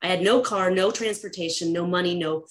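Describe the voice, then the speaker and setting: A woman guest on a podcast, chatting casually and telling a story in an animated, laughing way. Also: lowish voice, a little fast. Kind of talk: casual chat.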